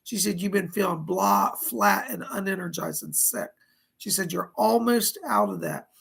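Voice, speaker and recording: A man hosting live psychic readings. He relays spirit messages with a steady "he said", and he reads viewer donations aloud and thanks each viewer. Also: high voice, normal speed, creaky, slightly rough. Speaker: psychic medium host.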